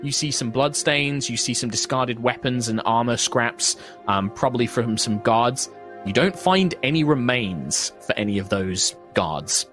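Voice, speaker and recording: A man's voice: medium pitch, animated, measured pace, a bit bright, soft background music. A man narrating as game master, rambling with many ums and restarts as he describes the scene. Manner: rambling, lots of ums and self-corrections.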